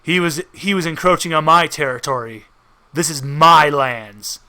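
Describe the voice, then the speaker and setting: A man voicing a calm, scheming male god with four arms and three faces, speaking in a measured, bargaining way. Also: fairly high pitch.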